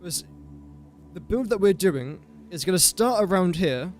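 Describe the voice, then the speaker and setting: A man's voice: high-pitched, lively intonation, a little slow, a little mellow, faint music behind. A man talking to himself in casual gameplay commentary, rambling and easily sidetracked. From England. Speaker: gaming streamer.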